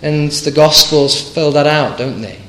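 A man's voice: on the high side, unhurried, fairly bright tone, echoey room, a little hiss or hum, rough recording. A man preaching an evening sermon, earnest and emphatic, with stammered restarts and rhetorical questions.

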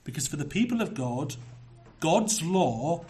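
A pastor preaching a sermon, measured and emphatic, slowing down to stress key phrases. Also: male voice, fairly high pitch, sing-song, a little mellow.

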